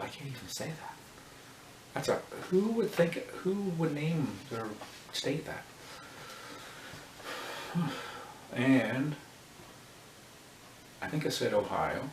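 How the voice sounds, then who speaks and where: A man's voice: medium pitch, far from the mic. A man vlogging in a casual joking monologue, rambling and thinking aloud with a self-mocking manner. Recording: roomy echo with faint noise.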